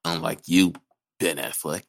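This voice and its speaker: A man's voice: deep voice, fairly even intonation, a little slow, gravelly. A man co-hosting a podcast in casual chat, ranting and joking with lots of swearing. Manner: ranting, profane, jokey. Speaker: podcast co-host.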